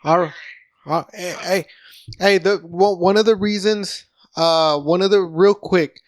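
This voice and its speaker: A man's voice: sits high, steady tone, measured pace. A man from South Texas hosting a comedy podcast, talking in rambling stop-start bursts. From Rio Grande Valley, South Texas. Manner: rambling, stammering restarts. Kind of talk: casual podcast chat.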